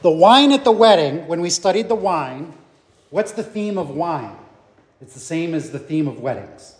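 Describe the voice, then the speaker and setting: A man's voice: a little high, big pitch swings, moderate pace. A man leading a Bible study group, thinking aloud with rhetorical questions and fillers.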